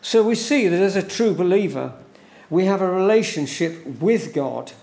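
A man preaching a sermon in a church, slow and deliberate, repeating words for emphasis. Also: high-pitched, expressive, gravelly, darkish tone. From England. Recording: echoey church room.

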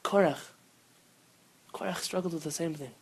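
A man, a rabbi, teaching an informal Torah class, telling stories with lively bursts of emphasis and sprinkling Hebrew terms into his English. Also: fairly high pitch, normal speed, breathy edge, low-quality recording. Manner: animated storytelling, rising loud when quoting.

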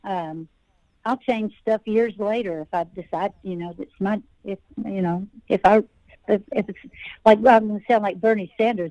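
A woman's voice: medium pitch, fairly even intonation, moderate pace, dark tone, no room sound, lo-fi sound. A woman country singer-songwriter, a podcast guest, telling rambling, self-interrupting stories and laughing at her own tales.

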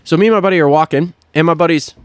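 A man co-hosting a podcast, telling a long story in casual chat, animated and full of swearing, acting out what people said. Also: fairly high pitch, racing, no room sound. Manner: animated, swears a lot, acts out quotes. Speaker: podcast co-host.

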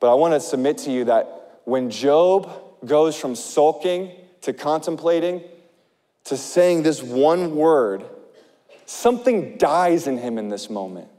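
A male pastor preaching an impassioned sermon, swinging between loud urgent passages and hushed ones. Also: on the high side, expressive, unhurried, long reverb tail.

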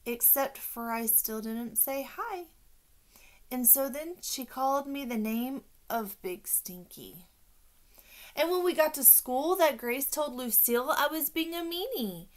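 A woman's voice: fairly high pitch, animated, a little slow. A woman narrating a children's audiobook in a playful, childlike first-person voice.

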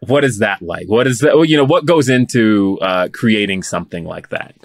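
A man's voice: lowish voice, expressive, normal speed, dry recording, clean studio sound. A man hosting an interview, asking eager, rambling questions. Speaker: podcast host.

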